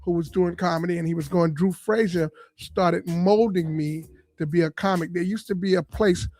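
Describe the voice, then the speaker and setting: A man, a comedian and radio personality, telling stories from his life in an animated interview style and acting out the voices of people in them. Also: high-pitched, moderate pace, no room sound, clean studio sound. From Boston area. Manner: animated storyteller, acts out quoted voices. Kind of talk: storytelling interview. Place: podcast studio.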